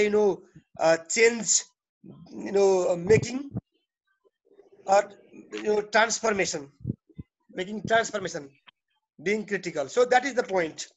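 A man's voice: sits high, a little hiss or hum. A man with a Nepali English accent teaching a class, explaining ideas with many restarts and checking in with his students. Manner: repeats and restarts phrases, checks in with "okay?". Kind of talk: classroom lecture.

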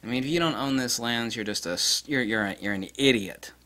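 A man giving a casual gear review in a blunt, crude and excitable way, breaking into laughter. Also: mid-range voice, brisk. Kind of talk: casual product review vlog.

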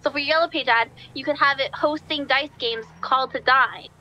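A woman in GTA roleplay, ditzy and rambling, pitching a silly pun. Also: a little fast, pushed and bright, a little hiss or hum, rough recording. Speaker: roleplay character on a phone call.

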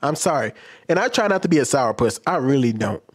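A man's voice: mid-range voice, very animated, a little fast, slightly rough. A man who works as a teacher, giving a casual, blunt commentary and sounding fed up. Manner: blunt, exasperated, mocks others with exaggerated voices.

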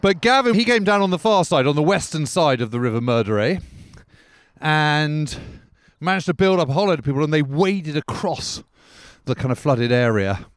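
A man's voice: a little high, lively intonation, moderate pace, clear, resonant tone, no room sound, clean studio sound. A male podcast host giving a rambling on-location commentary outdoors, peppered with "sort of" and "kind of", while walking along a country road.

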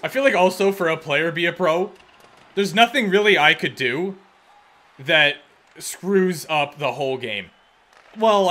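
A young man casually commenting on his own hockey video game play, chatty and self-mocking, with sudden excited outbursts. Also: fairly high pitch. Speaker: gaming YouTuber.

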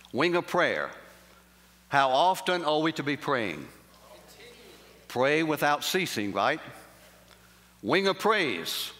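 A man's voice: fairly high pitch, sharp tone. A middle-aged male pastor preaching a sermon with folksy stories that rise into emphatic praise. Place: large camp meeting hall. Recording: long hall reverb.

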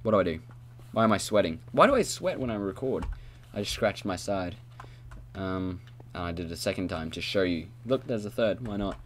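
A rambling man commentating his own game playthrough, making goofy noises and chatting to himself. His fairly low voice bounces all over in pitch. Recorded on a headset mic with a faint hum behind. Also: expressive, a little fast. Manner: rambling, silly, talks to himself. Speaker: gamer playing an adventure map. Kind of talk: casual let's-play commentary.

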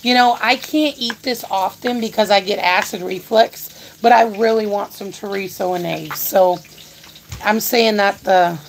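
A woman's voice: mid-range voice, a little slow, creaky, a little hiss or hum, low-quality recording. A woman hosting a casual live grocery haul, chatting to her viewers and her dog as she goes. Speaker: live-stream host.

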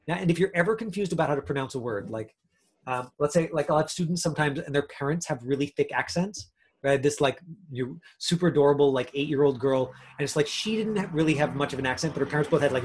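A man's voice: a little high, breathy edge. A man teaching an acting class over a video call, in a chatty way with lots of fillers. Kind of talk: casual online class talk.

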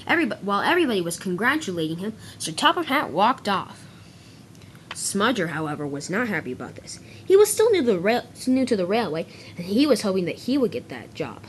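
A woman's voice: mid-range voice, very animated, brisk, a little hiss or hum. A woman narrating a toy-train story, often stumbling and correcting herself as she reads. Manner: stumbling, self-correcting reading.

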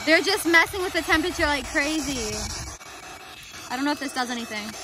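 A young woman vlogging outdoors in a cemetery, excitable and jumpy, with nervous laughs. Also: sits high, fairly quick, background noise. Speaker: paranormal vlogger. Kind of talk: casual vlog commentary. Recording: outdoor ambience and passing vehicles.

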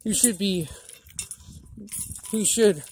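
A woman's voice: mid-range voice, slow, a little mellow, a little hiss or hum. A woman vlogger delivering a blunt, profane political rant, indignant and preachy, with many restarts.

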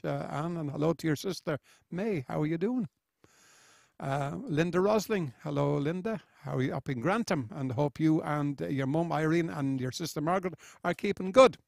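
A man's voice: fairly high pitch, gravelly, no room sound, clean studio sound. A man hosting a live stream, chatting casually, reading out viewers' greetings one by one with friendly, rambling asides. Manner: chatty and friendly, with frequent uh fillers. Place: small studio.

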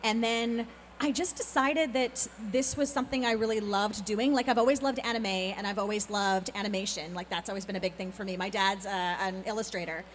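A woman in her thirties, a voice actor being interviewed at a convention on a handheld mic, talking in a bubbly, quick, laughing way. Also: mid-range voice. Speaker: voice actor guest. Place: convention hall. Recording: reverberant hall with faint background noise.

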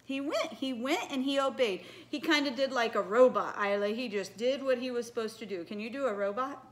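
A woman with a notably high, bright-pitched voice leads a children's church message. She tells the story in an animated, coaxing way and keeps stopping to ask the children questions. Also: a little fast. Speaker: children's ministry leader.

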